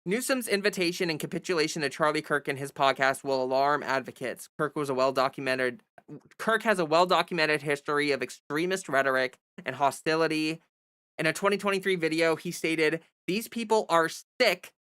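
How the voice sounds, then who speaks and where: A young woman on a livestream, working through a news article at her desk microphone. Her voice is somewhat low for a woman, and she reads plainly but with an exasperated, sarcastic edge that keeps breaking through. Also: brisk, a bit bright, no room sound, studio quality. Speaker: livestream commentator. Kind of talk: reading an article and ranting commentary.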